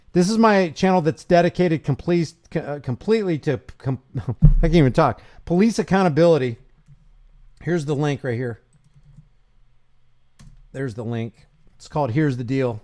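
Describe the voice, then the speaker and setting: A man's voice: fairly high pitch, darkish tone. A man hosting a casual stream, reading verses aloud and rebutting them with sarcastic, mocking asides. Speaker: channel host, commentator. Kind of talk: casual live-stream commentary.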